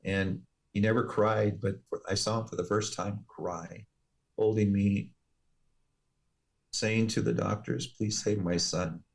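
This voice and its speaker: A man, a firefighter and paramedic, telling a personal story as an interview guest in an earnest, measured way. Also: on the low side, little pitch movement, vocal fry.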